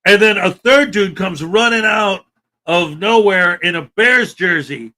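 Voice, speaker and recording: A man's voice: high voice, unhurried, sharp tone. A man hosting a live stream, chatting casually and rambling, often laughing and trailing off mid-thought. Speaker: host.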